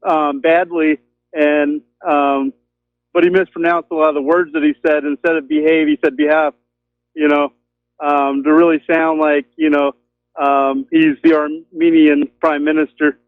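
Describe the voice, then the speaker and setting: A man's voice: on the high side, little pitch movement, moderate pace, dry recording. Rambling male caller on a tinny phone line. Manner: rambling, many ums and you-knows. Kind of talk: casual call-in chat. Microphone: telephone.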